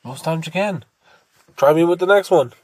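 A man's voice: on the high side, normal speed, no room sound. A man co-hosting a podcast in casual chat, making short dry quips. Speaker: podcast co-host.

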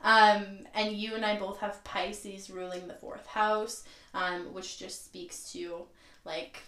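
A woman's voice: mid-range voice, little pitch movement, takes it slowly, a bit bright, roomy sound. A woman hosting a podcast, chatting casually, laughing often, in a reflective way. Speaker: podcast host. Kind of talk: casual chat.

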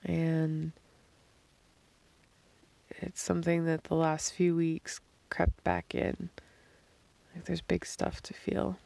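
Hoarse, gravelly woman musing slowly. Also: deep voice, flat delivery, warm tone. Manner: slow, halting, thinking aloud with pauses. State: hoarse from screaming and crying. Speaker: podcast host. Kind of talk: reflective solo voice diary. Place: outdoors in the desert at night, lying under blankets. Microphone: phone held above her face.

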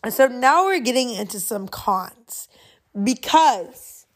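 A woman's voice: a little high, takes it slowly. A young woman hosting a casual solo podcast, chatty and slangy, often laughing at herself as she rambles. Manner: chatty, giggly, slangy, animated. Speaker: podcast host.

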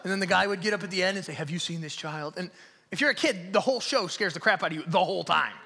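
A male pastor preaching a sermon live in a church hall, telling stories in an animated way and dropping to hushed, near-whispered emphasis. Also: high-pitched, racing, creaky. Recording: long reverb of a large hall.

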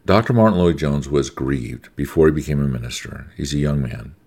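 A man's voice: rumbling low, a little fast, a little mellow. A middle-aged American man preaching a sermon, conversational and emphatic, repeating key words for stress.

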